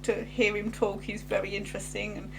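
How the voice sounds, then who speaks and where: A woman from England co-hosting a casual chat, lively and quick to agree. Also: medium pitch, gravelly. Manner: lively, warm-hearted, quick agreeing interjections. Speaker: podcast co-host. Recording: faint hum behind the voices.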